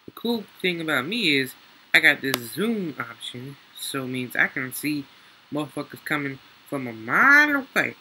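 A young man talks through his game in an excitable, slangy way, swearing freely. His voice is very bright and a little high, with a lively, swinging pitch. A faint hum of room noise sits behind him. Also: low-quality recording. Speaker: gaming YouTuber. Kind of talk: casual gameplay commentary.

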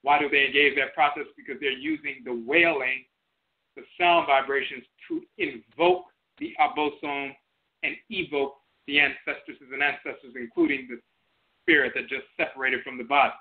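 A man with a somewhat high voice gives a spoken lecture as host of an internet radio show. He works through terms methodically and restates each definition. The sound is thin and narrow, like a phone call. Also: lively intonation, moderate pace. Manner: explanatory, repeating terms and definitions. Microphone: phone line to an internet radio show. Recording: tinny phone-line audio.

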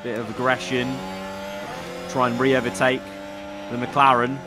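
A young man commentating live as he plays a racing management game, excitable and talking to himself. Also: mid-range voice, a little slow, music in the background. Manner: excitable, talks to himself while managing the race. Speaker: gaming YouTuber.

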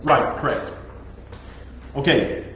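A man preaching to a youth group, joking and animated, mimicking people's prayers. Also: mid-range voice, slow pace, noisy background. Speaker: youth pastor. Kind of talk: sermon. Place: youth group meeting room. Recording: echoey dull room recording.

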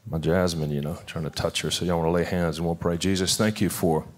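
A man's voice: low voice, flat delivery, fast talker, darkish tone. A man pastoring a church service, talking in an informal, heartfelt way with many restarts, then praying. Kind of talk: sermon and prayer. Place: church sanctuary.

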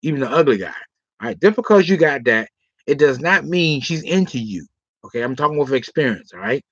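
On a casual livestream, a man rambles through dating advice, ending nearly every line with "all right?" or "okay?" and piling on filler. His medium-pitched voice is animated, brisk, and fairly bright with a breathy edge. The sound is dry, echo-free, and a bit dull, like a cheap lo-fi mic in a small room.

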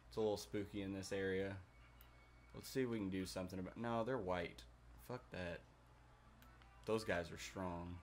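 A man's voice: on the low side, fairly bright tone. A young man casually commenting while he plays a video game, swearing often and chatting with viewers. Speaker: gaming video host.

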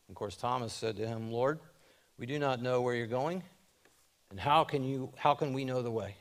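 A man preaching a sermon as pastor, reading scripture aloud and speaking in short, measured phrases with rising emphasis. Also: medium pitch.

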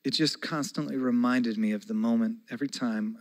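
A man's voice: medium pitch, moderate pace, hardly any pauses. A man in his forties preaching a sermon as pastor, earnest and conversational, with folksy asides.

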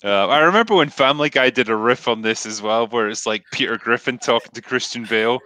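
Scottish male host with bright voice. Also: mid-range voice, fast talker, no room sound. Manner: laid-back, reads out viewer comments. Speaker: podcast host. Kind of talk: casual chat.

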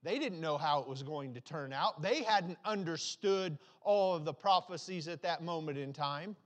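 Preacher building through repeated phrases. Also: male voice, a little high, normal speed. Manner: repetitive, building preaching with restarts. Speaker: pastor. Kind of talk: sermon.

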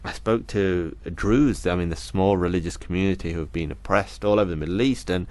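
A young man from Britain speaks in a very low register, earnest and reflective as he recounts his story to an interviewer. He stumbles and restarts often, pausing to quote the people he met. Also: a little mellow, dry recording. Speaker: interview guest.

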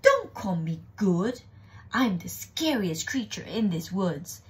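A woman voicing a clever little mouse who talks in a brisk, cheeky, boastful way in a storybook reading. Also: medium pitch, sing-song, husky, heavily acted.

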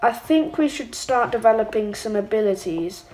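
A young woman giving excitable, playful let's-play commentary with mock-evil asides. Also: a little high, normal speed, rough recording. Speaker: gaming channel host. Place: home room.

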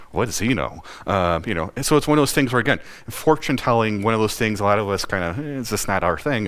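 Male pastor, slightly low voice, folksy conversational sermon with rhetorical questions. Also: fairly bright tone. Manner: folksy, asks the congregation questions, acts out quoted voices.

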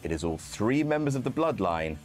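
A man's voice: medium pitch, big pitch swings, a little fast, a little mellow, faint music behind. A man giving scripted, wryly humorous narration as a wrestling commentator. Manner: wry, dry humor.

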